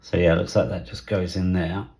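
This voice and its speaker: A middle-aged man from England giving casual hobby unboxing commentary, thinking aloud in a soft, half-whispered way with plenty of fillers. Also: deep voice, flat delivery, brisk, vocal fry. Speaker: model railway vlogger.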